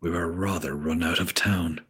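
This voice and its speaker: A man reading a story aloud, voicing an elderly, long-suffering, genteel woman with a raspy voice. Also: low voice, steady tone, normal speed, a bit bright. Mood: dry.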